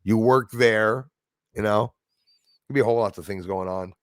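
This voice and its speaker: A man's voice: on the low side, moderate pace, dry recording. A man hosting a live stream, chatting casually, laughing easily and thanking viewers by name. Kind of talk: casual chat reading viewer comments.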